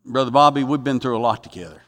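A man preaching a sermon as a pastor, emphatic and repetitive, swinging from loud exhortation to quiet reflection. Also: medium pitch, steady tone, fast, in a large hall. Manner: repeats phrases for emphasis.

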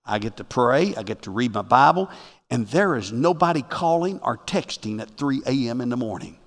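A man's voice: medium pitch, moderate pace. Preacher man in an echoing hall. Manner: animated preaching, swinging from loud to hushed. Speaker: pastor. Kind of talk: sermon.

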